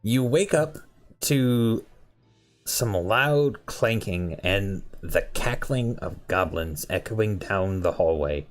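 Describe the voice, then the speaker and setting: A man narrating a tabletop game as game master, unhurried and full of fillers. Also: lowish voice, animated, faint music behind.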